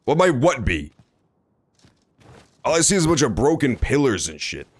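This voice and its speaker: Here a husky-voiced man, recorded dry, banters through his gameplay stream at a moderate pace. He's very animated, curses freely, and his pitch bounces from high to low as he jokes.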